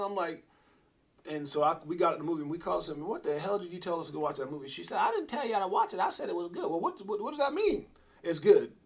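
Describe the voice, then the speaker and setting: A middle-aged man hosting a casual crypto livestream, rambling and breaking into loud excited bursts. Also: medium pitch.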